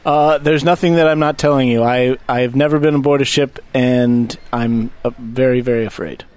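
A man at a tabletop game, narrating his character's fumbles with playful self-mockery and easy laughter. He speaks in a middle pitch, casual and relaxed. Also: normal speed, smooth, no echo. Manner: playful and self-mocking, laughing between lines. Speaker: player.

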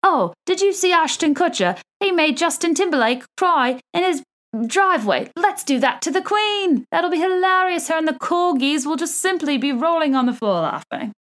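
Lady putting on a high, giddy english prince voice, posh put-on accent, pranky. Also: animated, normal speed, a bit bright. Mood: gleeful. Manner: gleeful, giddy scheming.

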